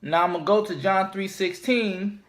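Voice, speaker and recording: A man teaching scripture informally, speaking deliberately and repeating his key points for emphasis. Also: high-pitched, a bit bright. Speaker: religious teacher.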